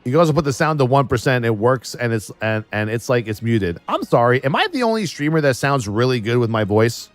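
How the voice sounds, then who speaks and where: A man's voice: mid-range voice, sing-song, a little fast, few pauses, dry recording. A man streaming live and riffing in a casual, profane and sarcastic way.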